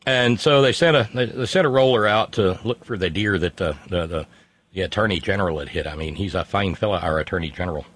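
A man's voice: sits low, quick pace, a bit bright, slightly rough. A man co-hosting a talk show, telling a news story with heavy sarcasm and mocking asides. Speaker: co-host. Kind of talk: sardonic political banter.

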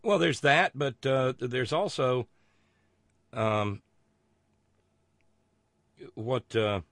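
A man's voice: mid-range voice, expressive, extremely slow, fairly bright tone, no echo. A man hosting a casual political talk show, rambling and sarcastic, with many restarts. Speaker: host.

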